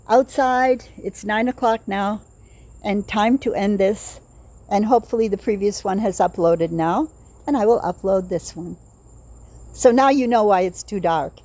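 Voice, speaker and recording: Outside at night with crickets chirping, an older woman vlogger speaks at medium pitch in a dark tone, with no echo. She tells personal stories casually, rambling off on tangents and pausing along the way.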